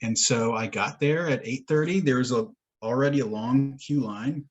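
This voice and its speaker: A man chats on a podcast with a husky, middle-pitched voice. He tells a long rambling story, swears freely and laughs often as he goes. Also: normal speed, muffled recording. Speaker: podcast co-host. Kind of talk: casual chat.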